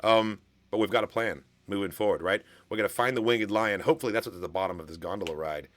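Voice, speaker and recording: A fairly low-pitched man talks casually to camera as the host of a reaction channel. His speech is eager and chatty, full of fillers and quick laughter. The sound is dry, close and free of room echo. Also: fairly bright tone. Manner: enthusiastic and chatty, with lots of fillers and bursts of laughter.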